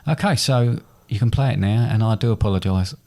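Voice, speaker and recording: A man's voice: lowish voice, fairly quick, vocal fry, heavy background noise. A man co-hosting a casual podcast chat, rambling and self-deprecating as he talks. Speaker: podcast co-host.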